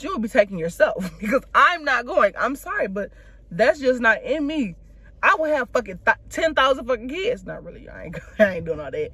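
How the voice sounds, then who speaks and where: A young woman vlogging from inside a car, telling a story to her viewers in a blunt, animated, profane way. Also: a little high, a little hiss or hum. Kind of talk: casual talk to camera.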